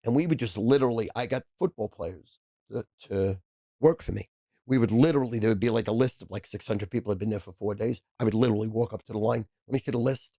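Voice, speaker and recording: A man's voice: lowish voice, warm tone, no room sound. A man, a podcast guest telling profane, brash stories in casual chat. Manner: brash, profane, rapid storyteller.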